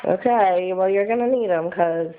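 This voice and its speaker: Mom filming her toddler on a phone, patient and coaxing, middle pitch, dull lo-fi sound. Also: normal speed, a little hiss or hum. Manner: coaxing, patient, prompting a child to name things. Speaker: parent. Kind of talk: home video talk with a toddler. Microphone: phone camera.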